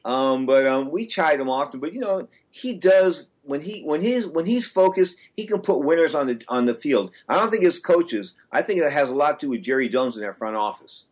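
A radio sports talk host chats casually on his show, brash and opinionated, rambling through his points. His voice is on the high side and expressive, at normal speed with hardly any pauses.

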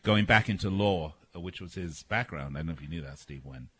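A man's voice: low-pitched, fast talker, fairly bright tone, breathy edge. A man co-hosting a sports talk radio show, joking and teasing in casual studio banter. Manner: joking, teasing, laughs at own jokes. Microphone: studio microphone.

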